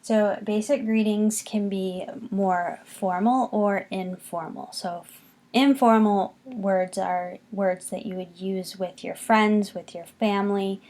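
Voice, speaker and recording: Patient teacher voice, woman, unhurried classroom delivery with lots of repetition. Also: mid-range voice, fairly even intonation, a little mellow. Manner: patient, slow, repeats words for students to copy. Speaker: French teacher. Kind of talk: recorded classroom lesson.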